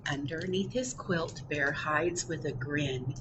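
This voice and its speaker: A woman librarian reading picture books aloud at storytime, expressive, with chatty asides in a public library. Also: deep voice, takes it slowly, background noise. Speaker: children's librarian. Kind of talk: picture book read-aloud.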